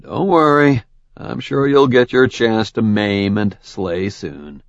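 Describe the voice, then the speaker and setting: A stern immortal leader, as a male narrator puts him on, calm, dry and used to giving orders. The delivery is measured and even, on a dull, dry audiobook recording. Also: lowish voice, creaky, dry recording.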